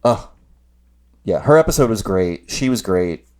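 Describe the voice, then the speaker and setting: A man's voice: fairly low pitch, lively intonation, a little slow, darkish tone. A man from New Jersey co-hosting a podcast in casual chat, gushing with enthusiasm and laughing easily. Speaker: podcast co-host.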